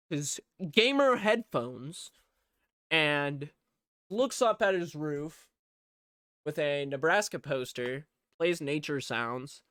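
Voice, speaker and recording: A man's voice: on the high side, a bit bright, smooth, no room sound, clean studio sound. A man recapping a movie in a casual, rambling way, sarcastic and swearing freely. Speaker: movie reviewer.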